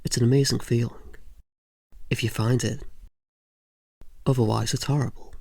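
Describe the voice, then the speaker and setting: A man's voice: mid-range voice, little pitch movement, moderate pace, vocal fry, darkish tone, no room sound. A man voicing a gloomy, melodramatic male cat panelist with a mournful, self-pitying way of talking.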